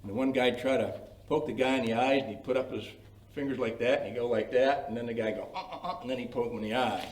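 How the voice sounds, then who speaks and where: Speaking fast and with fairly even intonation, this older man tells folksy stories while leading a creative writing workshop in a library meeting room. His voice sits at medium pitch, and he leans on "you know" again and again in this chatty, anecdotal lecture. Captured by a far-off mic, the audio sounds roomy and carries a little background noise.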